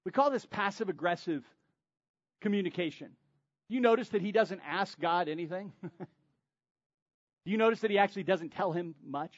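A man preaching a sermon, dramatic, swinging between loud emphasis and near-whispers. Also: high-pitched, moderate pace, long pauses, dry recording, lo-fi sound. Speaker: pastor.

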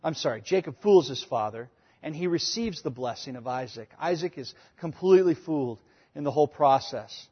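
A man preaching a sermon, emphatic and conversational, switching between loud points and quiet asides. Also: on the high side, lively intonation, moderate pace, breathy edge, long reverb tail, lo-fi sound. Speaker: pastor.

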